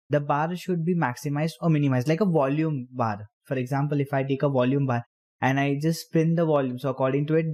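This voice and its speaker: A man explaining programming step by step while typing, in halting phrases. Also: a little high, darkish tone. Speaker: programming tutor. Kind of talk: screen-recorded coding tutorial.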